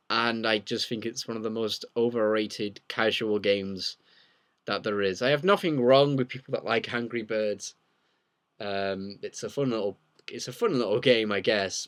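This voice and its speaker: A man's voice: fairly low pitch, a bit bright. A young man hosting a casual live Q&A, rambling and joking as he reads viewer questions aloud. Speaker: livestream host.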